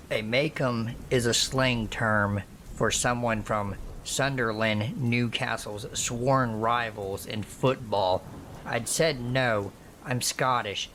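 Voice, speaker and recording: Slow, somber male horror narrator. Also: mid-range voice, steady tone, fairly bright tone, a little hiss or hum. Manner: slow, measured, somber reading. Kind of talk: scripted narration of true scary stories.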